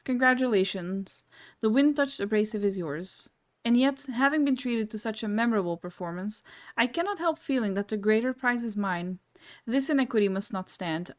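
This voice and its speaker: A woman's voice: mid-range voice, lightly acted. Woman reading as a mysterious voice, smug, theatrical, archaic phrasing, game dialogue. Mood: gracious. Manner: archaic, formal and mock-gracious diction.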